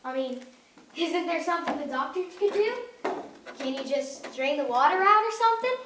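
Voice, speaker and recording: A woman's voice: sits high, animated, moderate pace, background noise. A woman playing an earnest, anxious twelve-year-old girl in an amateur stage drama, recorded from far off in an echoey room. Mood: curious. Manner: eager, apologetic.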